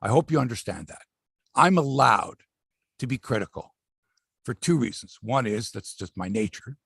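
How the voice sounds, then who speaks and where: A man's voice: medium pitch, normal speed, creaky, husky, no echo, clean studio sound. A middle-aged man hosting a sports podcast, talking casually and profanely and acting out what players said. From Canada. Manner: animated, profane, acts out quotes from players. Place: outdoor studio by a lake.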